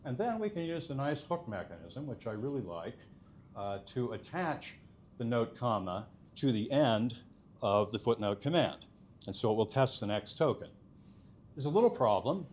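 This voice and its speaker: A man's voice: medium pitch, very animated, normal speed, a little mellow, a little hiss or hum. A man presenting a technical conference talk, explaining step by step with frequent filler sounds. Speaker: conference speaker.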